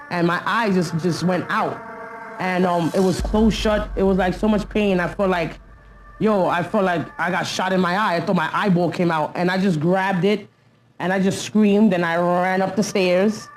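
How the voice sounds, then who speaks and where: A woman's voice: fairly low pitch, a little mellow. A middle-aged woman recounting her past in a documentary interview, blunt and full of street slang. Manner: blunt street slang, frequent "you know what I'm saying".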